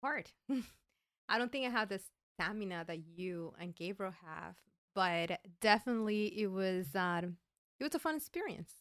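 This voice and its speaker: A woman's voice: mid-range voice, animated, moderate pace, fairly bright tone, no echo, studio quality. A woman guest host on a casual podcast, giving shy, hesitant replies.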